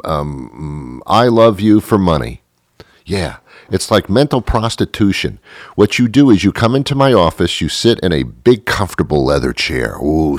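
A man's voice: low voice, dry recording, studio quality. A man hosting a show, delivering a rambling, sarcastic and playful comic monologue. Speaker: host. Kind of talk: comedic monologue.

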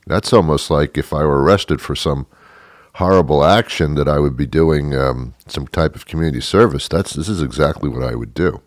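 Older male radio host, very low and dry, sarcastic and grumpy, rambling delivery. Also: normal speed, no room sound. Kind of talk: sarcastic solo radio monologue.

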